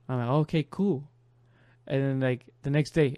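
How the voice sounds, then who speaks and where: A young man, a podcast co-host, telling a long rambling story in casual chat. He laughs often and drops his voice low to quote others. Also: fairly even intonation, normal speed, dark tone, no echo.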